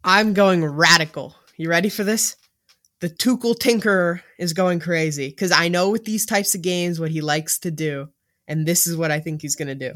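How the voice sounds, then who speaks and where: A man co-hosting a casual sports podcast, who talks tactics in an animated, jokey way. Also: on the high side, normal speed. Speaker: podcast co-host.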